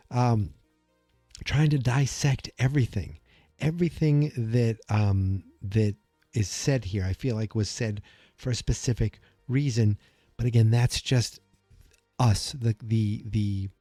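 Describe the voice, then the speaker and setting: Excitable man rambling on a podcast. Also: medium pitch, no room sound, studio quality. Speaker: podcast host. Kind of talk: casual solo podcast commentary.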